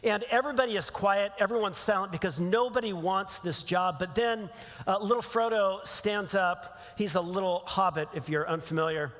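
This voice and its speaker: Man, pastor, sermon, conversational, high voice, long church reverb. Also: moderate pace, fairly bright tone. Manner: conversational, with filler words and restarts. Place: church sanctuary.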